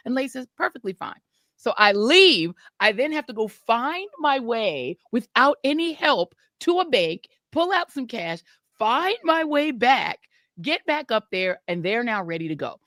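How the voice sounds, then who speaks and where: A woman co-hosting a podcast, telling a story in an animated, laughing way. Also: fairly high pitch, measured pace, no room sound, studio quality. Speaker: podcast co-host. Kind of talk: casual storytelling chat.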